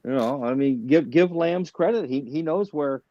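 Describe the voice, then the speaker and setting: A man chatting as a comedian guest, telling animated stories with stammering restarts. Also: on the high side, moderate pace, no echo. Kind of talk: casual chat. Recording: dull, dry lo-fi sound.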